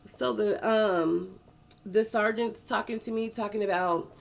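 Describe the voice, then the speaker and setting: Woman doing a storytime, cussing a lot, animated, drags out words for drama, normal pitch. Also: creaky. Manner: animated, profane, dramatic drawn-out emphasis. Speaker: vlogger. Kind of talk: casual storytime.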